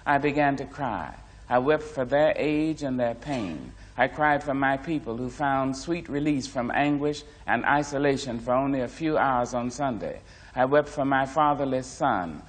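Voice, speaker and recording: Man reading a memoir aloud. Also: medium pitch. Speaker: narrator.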